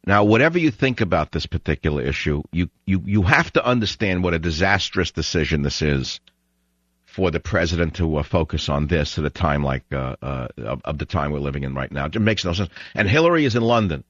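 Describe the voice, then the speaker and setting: A man's voice: deep voice, animated, fairly quick, fairly bright tone, no room sound. Ranting man hosting call-in radio. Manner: ranting, scornful, blunt. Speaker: radio talk show host. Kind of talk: call-in talk radio monologue. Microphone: studio broadcast microphone. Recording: dull, dry radio broadcast audio.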